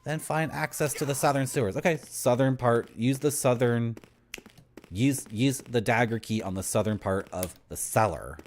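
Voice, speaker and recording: Young guy streaming a game, rambly deadpan tangents, regular mid voice. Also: medium pitch, moderate pace, a little hiss or hum. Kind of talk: live gameplay commentary.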